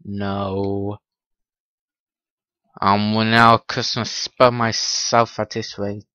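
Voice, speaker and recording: A man's voice: on the low side, level tone, slow pace, pushed and bright, smooth, dry recording, muffled recording. A man giving casual commentary while playing a game, muttering to himself and teasing the characters on screen, with rising irritation. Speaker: gaming channel host. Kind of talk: Minecraft let's-play commentary.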